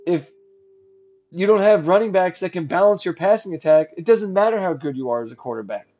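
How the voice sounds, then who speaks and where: A man with a high-pitched voice hosts his own sports podcast, ranting sarcastically and growing heated as he goes. The audio is dull and lo-fi. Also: animated, a little fast, darkish tone. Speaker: podcast host. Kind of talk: solo sports podcast rant.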